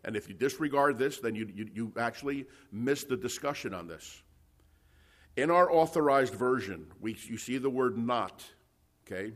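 Working through the Bible verse by verse, this male preacher uses an expressive mid-range voice at a moderate pace. His delivery is emphatic yet full of stammered restarts and throat-clearing, and he frequently pauses to ask "okay?" or say "you see."

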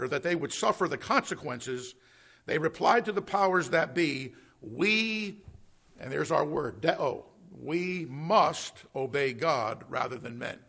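A pastor delivering a sermon with a gravelly, fry-laced voice that sits a little high for a man. He preaches emphatically, pausing on rhetorical questions and sprinkling in "uh" fillers. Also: fairly bright tone. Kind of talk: expository sermon.

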